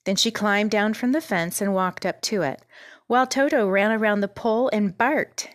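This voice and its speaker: A woman narrating a children's book in a calm, measured reading voice. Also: medium pitch, dry recording, clean studio sound. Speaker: storyteller.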